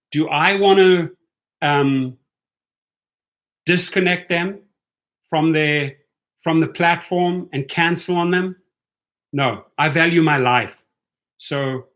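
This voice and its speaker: Bright-voiced man chatting on a livestream. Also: fairly high pitch. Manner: chatty, keeps asking "right?". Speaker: rideshare channel host. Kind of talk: casual livestream chat with viewers.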